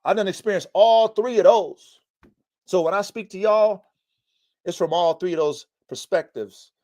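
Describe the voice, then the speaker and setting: This podcast host and dog breeder talks about his dogs on a casual live stream from his home in the mountains. Blunt and preachy, he swears frequently and repeats himself to drive points home. His voice is high-pitched and darkish, at normal speed.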